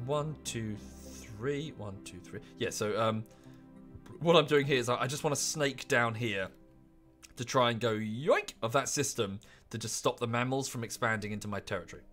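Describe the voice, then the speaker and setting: A man's voice: medium pitch, pushed and bright. Man chatting through a live game stream. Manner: chatty and rambling, with offhand asides. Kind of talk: casual live-stream commentary.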